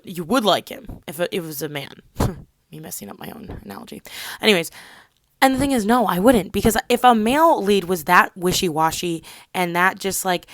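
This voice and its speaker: A young woman at home ranting casually to her camera, chatty and animated, often dropping to a whisper for side comments. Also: medium pitch, no room sound. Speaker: vlogger.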